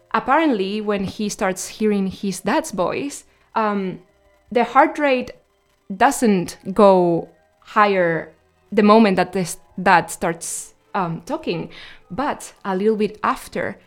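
A woman's voice: mid-range voice, animated, slow, faint music behind. A woman hosting a radio show, sharing science facts between songs in a loose, chatty way with many fillers and self-corrections.

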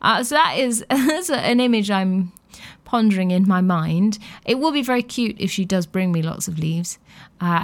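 A young woman hosts a relaxed radio hour, rambling cheerfully between songs. Her delivery is playful and chatty, and her voice sits at an ordinary pitch for a woman. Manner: chatty and playful, with light laughs. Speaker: radio show host. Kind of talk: casual radio chat.

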